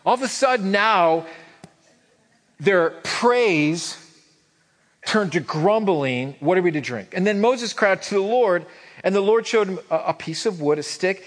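A man preaching in an animated, questioning way, his voice sitting a little higher than most men's and swinging widely in pitch. The sermon rings out in a church hall with a long reverb tail. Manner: animated, asks the congregation questions. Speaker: pastor. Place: church sanctuary.

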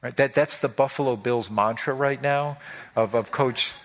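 A male pastor preaching a sermon in an animated way, asking the congregation questions. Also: medium pitch, moderate pace.

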